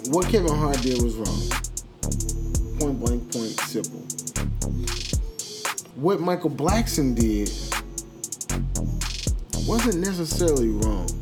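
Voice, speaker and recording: A man's voice: mid-range voice, big pitch swings, takes it slowly, long pauses, over music. A man co-hosting a casual chat, emphatic and opinionated, with slangy speech. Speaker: podcast co-host.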